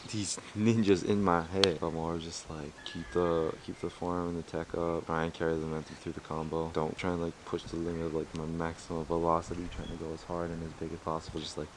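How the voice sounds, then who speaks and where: A man's voice: sits low, level tone, a little fast, hardly any pauses, noisy background. A young man talking casually and profanely to the camera outdoors, rambling with lots of fillers. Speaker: martial arts tricking vlogger.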